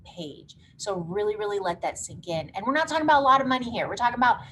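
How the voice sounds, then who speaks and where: A woman's voice: mid-range voice, quick pace, a bit bright. A woman hosting a live online marketing workshop, coaching emphatically. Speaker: workshop host. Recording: noisy background hiss.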